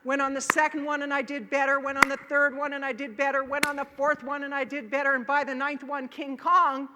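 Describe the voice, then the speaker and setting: A woman giving a motivational keynote in a large conference hall, telling a story with animated acted-out voices and shouts. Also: high voice, fairly quick, background noise. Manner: animated, acts out voices and shouts in her stories. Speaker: keynote speaker. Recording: live conference hall with long reverb.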